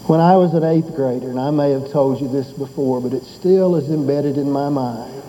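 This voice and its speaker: A man's voice: mid-range voice, normal speed, warm tone, muffled recording, a little hiss or hum. An older man preaching a sermon as pastor. He tells folksy stories and builds to fervent exhortation.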